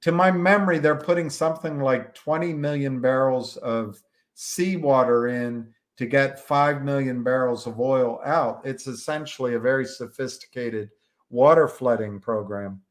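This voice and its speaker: A man from the United States, hosting a livestream and talking casually in a slow, rambling way, with many fillers and restarts. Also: medium pitch. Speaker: livestream host.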